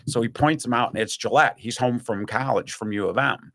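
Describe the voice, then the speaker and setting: A man in a relaxed podcast conversation, spinning one anecdote after another. His voice sits at an ordinary middle pitch. He keeps slipping into quick impressions of the people in his stories. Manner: animated storyteller who acts out other people's voices. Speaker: podcast guest or host recalling stories. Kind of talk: casual podcast chat, storytelling.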